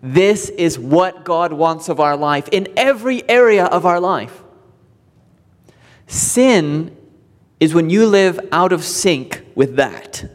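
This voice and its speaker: A man preaching a sermon to his church, emphatic and deliberate, repeating key words for weight. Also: a little high, expressive, in a large hall. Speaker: pastor. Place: church sanctuary.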